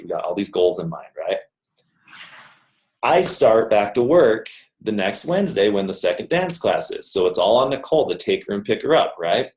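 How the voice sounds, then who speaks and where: Man with a low, echoey voice. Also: a little mellow. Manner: conversational, jokey, keeps checking in with "okay?". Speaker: motivational speaker. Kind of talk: storytelling talk to a live audience. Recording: roomy echo.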